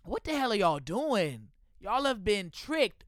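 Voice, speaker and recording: Young Texan man, high bright voice, loud animated sports-podcast rants, dry close mic. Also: measured pace, no room sound. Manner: loud, animated ranting with laughter. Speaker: podcast host. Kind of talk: casual sports podcast chat. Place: indoor room with friends.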